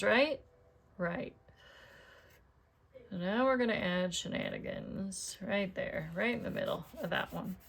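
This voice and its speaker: Slow, gravelly-voiced woman crafting. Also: mid-range voice. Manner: chatty, talks to herself while working, asks viewers questions. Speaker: card-making crafter. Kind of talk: casual crafting tutorial chat.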